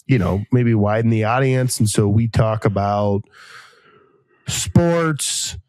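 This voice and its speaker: A man in his thirties hosting a podcast, telling a long casual story and acting out each quoted voice with sudden jumps in pitch. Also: takes it slowly, darkish tone, no echo. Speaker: podcast host.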